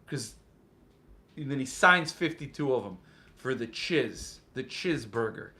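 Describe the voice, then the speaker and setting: A man with a mid-range, animated voice, a little slow and pushed and bright, hosts a book collecting show. On a casual live stream, he reads viewer comments and jokes around playfully.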